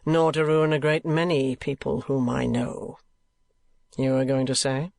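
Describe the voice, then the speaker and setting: A man's voice: mid-range voice, fairly even intonation, a little slow, gravelly, a little mellow, no room sound. A man voicing a cold, scheming older moneylender who speaks curtly and presses his points with emphasis.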